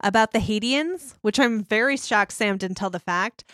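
A woman's voice: mid-range voice, normal speed, a bit bright, no room sound. Young woman co-host, chatty and giggly, dry close sound. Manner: laughs often, reads plot summary aloud. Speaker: podcast co-host. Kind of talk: casual chat recapping a film.

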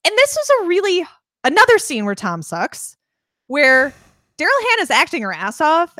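Podcast co-host, woman, sarcastic and profane, higher voice, acts out lines; dry close mic. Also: huge pitch swings, normal speed, pushed and bright, dry recording. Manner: sarcastic, swears a lot, acts out quotes. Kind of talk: casual movie recap chat.

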